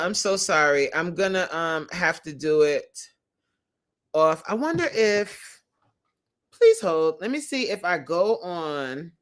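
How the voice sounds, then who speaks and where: A woman's voice: lowish voice, fairly bright tone. A woman hosting a casual livestream, chatty, laughing often and reading viewer comments aloud. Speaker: livestream host and creator coach.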